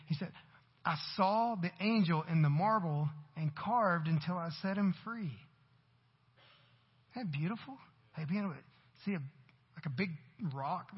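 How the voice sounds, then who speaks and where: A man's voice: a little high, breathy edge, big-room sound, highs cut off. A man who is a parent, preaching a church sermon, earnestly posing questions to the congregation. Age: adult parent. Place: church sanctuary.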